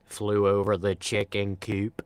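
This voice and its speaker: A man's voice: lowish voice, monotone, unhurried, clear, resonant tone, dry recording. A young man live streaming, chatting casually and answering viewer comments in a laid-back, rambling way with frequent sighs.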